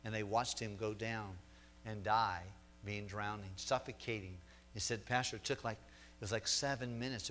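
A middle-aged man preaching a sermon as pastor, emphatic, repeating words and slowing down to stress a point. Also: medium pitch, a bit bright, slight background noise.

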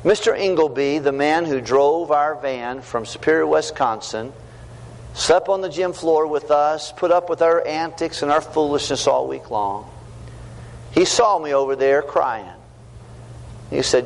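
A middle-aged man preaching a sermon to young people, earnest and storytelling, swinging from loud to hushed. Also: fairly high pitch, unhurried, vocal fry. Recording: long hall reverb, faint background noise.

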